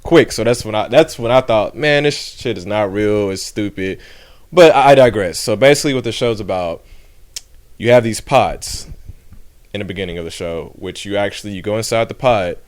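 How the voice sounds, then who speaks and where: A man with a fairly low voice talks in easygoing, profane podcast chat. He lays out the premise of a show plainly, slipping into quick quoted voices of people he describes. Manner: laid-back, profane, recaps with quoted voices. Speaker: podcast co-host. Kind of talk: casual chat.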